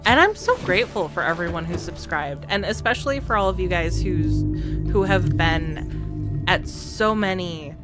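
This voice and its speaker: Woman game streamer, easygoing chat with viewers and herself, bouncy intonation, game music behind. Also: on the low side. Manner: chatty, talks to herself and the game. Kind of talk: casual let's-play commentary. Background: game music and sounds.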